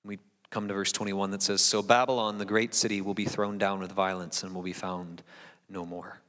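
A man's voice: deep voice, level tone, normal speed, fairly bright tone. A pastor in his forties reading scripture and preaching a sermon in a conversational, self-deprecating way with frequent asides. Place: church sanctuary. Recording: long reverb of a large hall.

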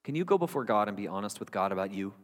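A preacher's voice ringing through a hall. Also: male voice, on the low side, lively intonation, rapid-fire. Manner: conversational, earnest, with wry asides. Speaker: pastor. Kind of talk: sermon.

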